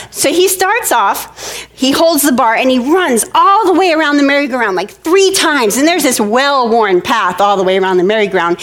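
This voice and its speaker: A woman giving a talk, telling a childhood story in an animated way and acting out the children's voices. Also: high-pitched, moderate pace. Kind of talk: storytelling presentation.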